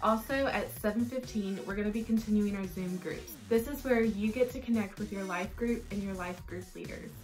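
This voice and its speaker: A woman's voice: mid-range voice, brisk, hardly any pauses, darkish tone, faint music behind. A woman hosting an online youth church show, giving friendly, informative announcements. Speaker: host.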